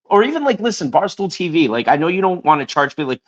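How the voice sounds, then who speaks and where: A man's voice: on the high side, very animated, fast talker. A man co-hosting a podcast, joining in with eager, enthusiastic banter. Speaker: podcast co-host. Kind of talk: casual chat. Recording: dull muffled sound.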